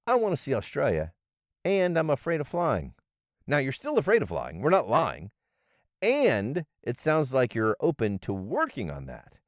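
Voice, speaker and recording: A man's voice: on the low side, no room sound, studio quality. A man hosting a motivational podcast, talking straight to the listener and acting out the example lines he quotes in changed voices. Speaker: podcast host.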